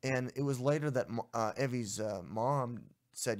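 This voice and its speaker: A man's voice: mid-range voice, moderate pace. Exasperated man ranting on a podcast. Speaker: podcast co-host. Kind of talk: casual podcast chat.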